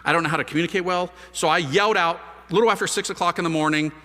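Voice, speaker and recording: A man, a priest, telling his conversion story to an audience in a lively, dramatic way, acting out the voices of the people in it. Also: a little high, racing. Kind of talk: animated storytelling talk to an audience. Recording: long hall reverb.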